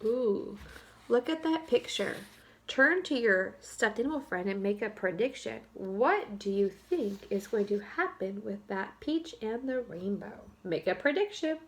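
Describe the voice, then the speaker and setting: A woman teacher reading a chapter book aloud to her third-grade class, expressive and clear, pausing to talk to the children. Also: medium pitch. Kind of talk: storybook read-aloud for children. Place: home, for virtual school.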